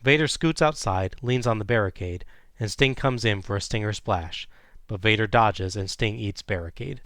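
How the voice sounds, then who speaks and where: A man's voice: on the low side, moderate pace, fairly bright tone, no room sound, clean studio sound. A man hosting a podcast, recapping a wrestling match play by play in a casual way with small chuckles.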